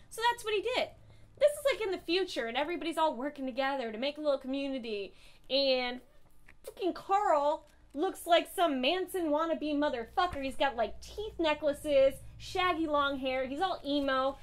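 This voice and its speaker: A woman's voice: high voice, normal speed, fairly bright tone. A young woman reviewing comic books in a casual vlog, blunt and profane, swinging between gushing and furious.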